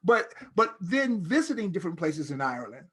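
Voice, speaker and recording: Animated, rambling middle-aged man. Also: sits high, a little fast, slightly rough. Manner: animated storyteller, loose and rambling. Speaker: actor, interview guest. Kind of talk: casual interview conversation.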